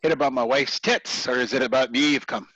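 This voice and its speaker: A man doing a blunt gruff chieftain, Darrow. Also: mid-range voice, brisk, fairly bright tone, no echo, muffled recording. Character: burly gap-toothed male chieftain, blunt and gruff host.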